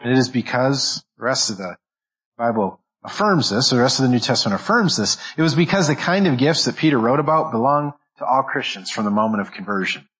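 A man's voice: mid-range voice, fairly quick, fairly bright tone, poor audio. A man preaching a sermon as pastor, stressing each word and often repeating and restarting phrases as he goes. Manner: restarts and repeats words while thinking aloud.

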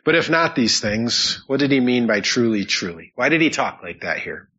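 A man's voice: medium pitch, big pitch swings, normal speed, pushed and bright, breathy edge, muffled recording. A man preaching a sermon as pastor, praying and then teaching in an earnest way with dry teasing asides, in a church sanctuary. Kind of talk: sermon with opening prayer.

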